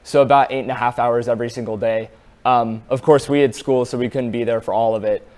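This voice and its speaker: A man's voice: mid-range voice, steady tone, a little fast, a little mellow. A teenage boy, answering interview questions casually and hesitantly, with many ums and restarts. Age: teens. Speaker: interviewee, student performer.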